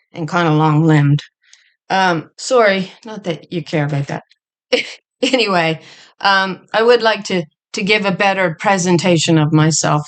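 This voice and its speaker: A woman in her fifties giving a casual, rambling bible study from a chair at home, wandering into chatty asides. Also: lowish voice. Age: 50s.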